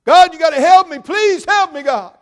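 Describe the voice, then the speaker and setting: A man voicing a panicked man dangling from a cliff branch, screaming and pleading desperately for help at a much higher, louder pitch than his own voice. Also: animated, moderate pace.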